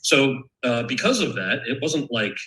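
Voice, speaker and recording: Guest author, male, bright forceful tone, candid and thoughtful, moves from memoir reading to Q&A, keeps restarting sentences. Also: mid-range voice, very animated, normal speed, rough recording. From United States. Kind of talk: reading from his memoir, then answering questions. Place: event stage or panel, indoors.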